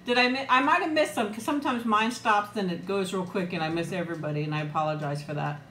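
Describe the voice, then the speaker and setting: A woman's voice: medium pitch, fast talker, pushed and bright, reverberant. A middle-aged woman chatting casually on a live eating stream, greeting viewers by name and laughing often. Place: room at home. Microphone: new external mic, close.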